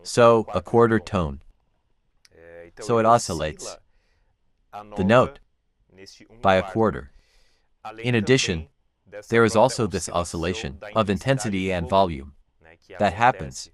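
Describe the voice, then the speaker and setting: A man, a classical bass singer, calmly explaining vocal technique step by step while reacting to a live performance. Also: a little slow, pauses often. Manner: calm, explanatory, walks through vocal anatomy step by step. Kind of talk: reaction commentary analysing singing technique.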